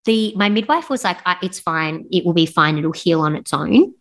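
A woman's voice: on the low side, moderate pace. Frank young woman telling a story. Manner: animated, frank storytelling with swearing and laughs. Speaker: podcast guest. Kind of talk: casual storytelling interview.

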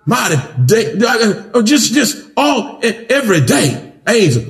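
A man preaching a sermon as pastor, mixing jokes with loud, soaring shouts. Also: very animated, a little slow, creaky. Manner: preaching with humor, swings into loud high-pitched shouts. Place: church. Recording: echoey church hall.

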